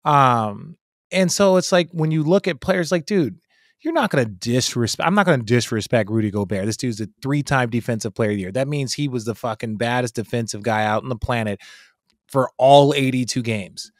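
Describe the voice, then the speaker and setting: A man's voice: mid-range voice, expressive, moderate pace, dry recording, clean studio sound. A man in his forties, a guest analyst in a casual podcast chat, talking emphatically and swearing freely.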